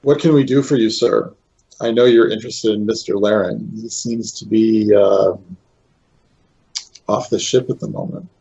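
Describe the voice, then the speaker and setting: A man plays a diplomat in a tabletop game, speaking politely with some hesitation. His voice is low, dark and gravelly, with a husky edge. The audio sounds dull and lo-fi. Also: steady tone, moderate pace. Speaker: player. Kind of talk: playing a character in a tabletop game.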